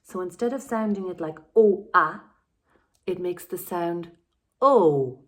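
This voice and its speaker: An Irish woman teaching a remote phonics lesson to young children, sounding out letters clearly. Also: on the low side, moderate pace, warm tone. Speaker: primary school teacher.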